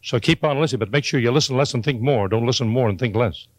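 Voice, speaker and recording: A man's voice: medium pitch, fast talker, no echo, poor audio. An older man giving a motivational speech to a live audience, folksy and joking, with emphatic repeated lines. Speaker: motivational speaker.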